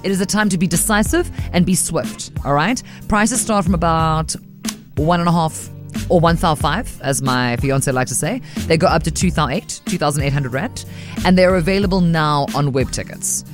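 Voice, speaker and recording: A woman co-hosting a breakfast radio show, talking in a brisk, playful, persuasive way. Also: low-pitched, over music. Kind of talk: casual radio banter.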